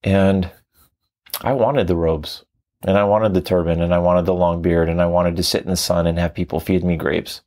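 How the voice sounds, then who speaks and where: A man who teaches tantra, telling his story in a reflective, animated interview. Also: low voice, normal speed. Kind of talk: conversational interview.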